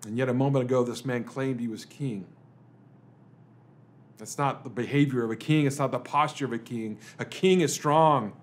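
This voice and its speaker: A man, a pastor, delivering a dramatic sermon full of rhetorical questions, swinging between emphatic lines and hushed ones. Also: medium pitch, moderate pace. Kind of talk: dramatic Good Friday sermon.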